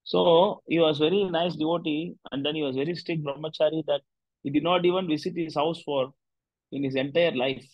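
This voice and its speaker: A man talks through a devotional story as teacher of a discussion group. He wanders from point to point and leans on "you know" and "like" as he goes. His slightly high, husky voice comes through a dull, lo-fi recording with a dry sound. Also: fairly even intonation, fairly quick, no echo. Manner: loose, rambling, full of "you know" fillers.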